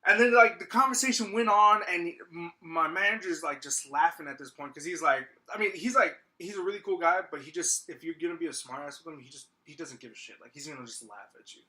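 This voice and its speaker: Bright-voiced young man telling a rambling story. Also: on the high side, quick pace, hardly any pauses. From Texas, USA. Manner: rambling storyteller, many fillers and restarts. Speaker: podcast co-host. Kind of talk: casual podcast chat.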